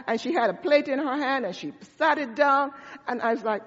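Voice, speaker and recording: A woman's voice: high voice, a little fast. A woman pastor preaching a sermon, telling a story in a conversational way with asides to her congregation. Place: church sanctuary. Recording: dull sound with long hall reverb.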